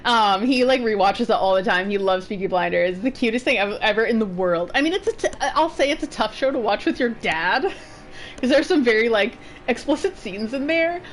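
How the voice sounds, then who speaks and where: A woman's voice: a little high, animated, normal speed, faint music behind. A woman streamer giving casual, chatty commentary while she plays a game. She giggles often and yelps when she gets stressed.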